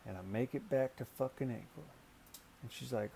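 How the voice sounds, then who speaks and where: A man's voice: moderate pace, vocal fry, pauses often, a little hiss or hum. A man telling a story casually and animatedly, swearing freely, his voice jumping up when he gets worked up. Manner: profane, animated, pitch jumps when excited. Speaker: storyteller recounting a canoe trip.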